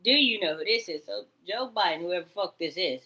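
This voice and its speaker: Animated bright-voiced woman ranting. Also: brisk, rough recording. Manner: animated, swings between loud outbursts and low mutters, swears. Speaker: vlogger. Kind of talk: rambling personal monologue.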